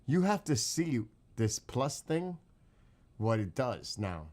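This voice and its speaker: A man's voice: medium pitch, very animated, slow pace, darkish tone. A middle-aged man hosting a livestream, telling stories in a loose, profane, casual way. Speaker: livestream host.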